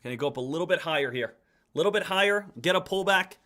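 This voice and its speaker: A man streaming live stock trades, muttering over charts and then ranting loudly and excitedly. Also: sits high, rapid-fire. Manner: swings from muttered chart reading to loud excited rants. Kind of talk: live trading stream commentary.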